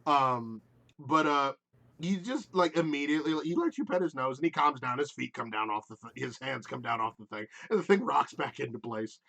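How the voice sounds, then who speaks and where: A man's voice: mid-range voice, expressive, brisk, vocal fry, sharp tone. A young man running a tabletop game, narrating with lots of fillers and rambling asides. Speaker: game master.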